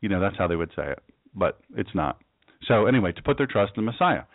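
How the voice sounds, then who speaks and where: A man's voice: low voice, big pitch swings, quick pace, no echo. A man giving a casual, folksy Bible teaching as pastor, with joking asides. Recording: dry, tinny phone-like sound.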